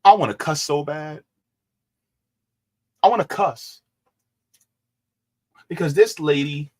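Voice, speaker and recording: A man's voice: fairly high pitch, takes it slowly, pauses often. A man giving mocking, sarcastic reaction commentary, leaning hard on key words.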